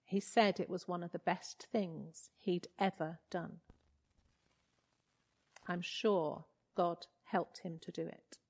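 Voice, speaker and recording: Donna lenta e seria, in una sala riverberante. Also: female voice, on the low side, steady tone, darkish tone. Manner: earnest, measured storytelling. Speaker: speaker giving a devotional talk. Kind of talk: sermon with read-aloud book passage. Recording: reverberant hall.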